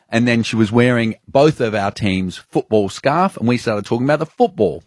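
A man's voice: medium pitch, fast, few pauses, no echo, studio quality. A man, co-hosting a radio show, telling a story with animation and frequent laughter. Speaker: radio co-host. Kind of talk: casual radio chat, storytelling. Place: radio studio.

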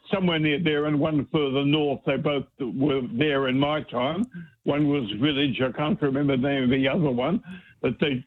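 An Australian man calling a talkback radio show, chatty and reminiscing. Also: a little high. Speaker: radio caller. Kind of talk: casual talkback call. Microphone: telephone. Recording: tinny phone line.

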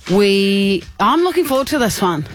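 An upbeat co-host chats through a radio segment at an ordinary pitch. Soft music plays underneath. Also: big pitch swings, normal speed. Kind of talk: casual radio banter.

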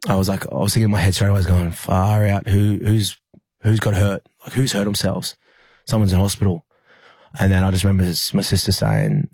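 Australian male athlete, interview guest, low husky voice, loose rambling delivery. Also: mellow, no room sound. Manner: rambling, many fillers and restarts. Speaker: rugby league player, interview guest. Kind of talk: emotional personal recollection in an interview.

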